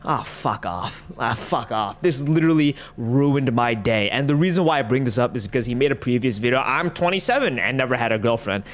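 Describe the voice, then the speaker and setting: A man's voice: medium pitch, lively intonation, fast, hardly any pauses. A man ranting in reaction commentary, profane, exasperated and mocking. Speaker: online commentator.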